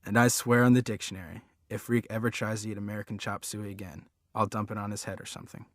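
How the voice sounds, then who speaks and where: A man's voice: lowish voice, level tone, fast talker, dry recording, clean studio sound. A man reading a first-person story aloud as an audiobook, in an earnest, plain-spoken way. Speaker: audiobook reader.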